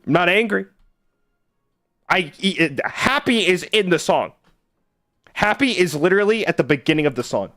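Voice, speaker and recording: A man's voice: sits high, animated, normal speed, long pauses, pushed and bright, no echo, clean studio sound. A man streaming live, chatting casually with viewers in a sarcastic, argumentative way.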